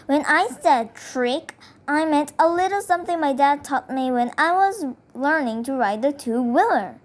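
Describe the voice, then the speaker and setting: A woman voicing a first-grade boy scientist who calmly coaches his friend. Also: high-pitched, measured pace. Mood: coaching.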